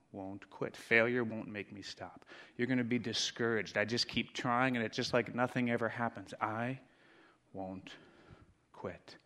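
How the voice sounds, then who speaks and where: Preacher swinging from hush to shout. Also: male voice, mid-range voice. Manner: dramatic swings from hushed to shouting. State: out of breath. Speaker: pastor. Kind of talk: sermon.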